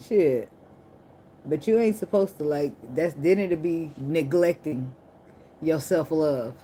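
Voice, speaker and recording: A woman with a low voice gives a casual tarot reading to her camera. She talks bluntly, swears freely and jokes as she goes. Clicks and the shuffle of cards are clearly heard under her voice. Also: slow, mellow, a little hiss or hum. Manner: blunt, profane and joking. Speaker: tarot reader. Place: indoors at night under a ring light.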